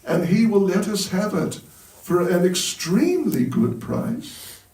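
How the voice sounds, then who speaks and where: A man's voice: sits high, very animated, slow pace, darkish tone, pitched above the performer's own voice, full character voice. A man voicing an eager male temple manager who pleads and bargains with his teacher, heard from a distance in a roomy hall. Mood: eager pleading. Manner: pleading, persuasive.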